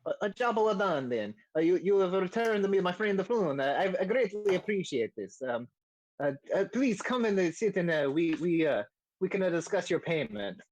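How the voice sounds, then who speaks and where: A man's voice: sits high, sing-song, moderate pace, a little mellow, muffled recording, pitched above the performer's own voice. A man voicing a flustered, boastful male adventurer-writer in a hammy mock Italian accent, stammering as he talks. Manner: stammering, many hesitations.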